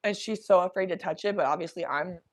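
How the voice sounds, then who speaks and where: A young adult woman hosting a podcast, telling a story in an animated, profane, laughing way. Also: fairly low pitch, quick pace. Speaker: podcast host. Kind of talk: casual storytelling.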